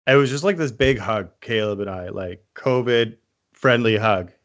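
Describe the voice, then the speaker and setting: A man from Canada co-hosting a casual podcast, animated, swearing freely and laughing often. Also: on the low side, moderate pace, muffled recording. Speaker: podcast co-host.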